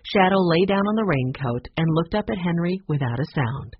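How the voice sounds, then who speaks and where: Husky reader narrating a storybook. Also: mid-range voice, moderate pace, few pauses, no room sound, dull audio. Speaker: audiobook narrator.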